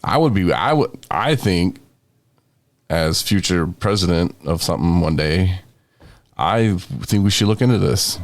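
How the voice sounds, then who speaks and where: A young man with a very deep, gravelly voice talks through a casual podcast while sick with covid. He rambles and jokes his way from one thought to the next, sounding tired. The recording is close and dry. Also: lively intonation, unhurried, no echo. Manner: rambling, joking, meandering. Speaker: podcast host.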